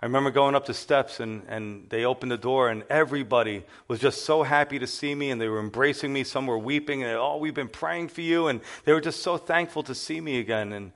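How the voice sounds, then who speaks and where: A middle-aged male pastor gives a sermon as an animated testimony. He tells his story with energy and acts out the voices of the people in it, speaking at an ordinary mid pitch for a man. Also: fairly quick, hardly any pauses.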